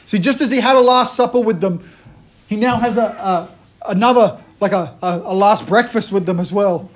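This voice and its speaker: High-voiced man preaching conversationally. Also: normal speed, slight background noise. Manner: animated storytelling, frequent restarts. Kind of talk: conversational sermon.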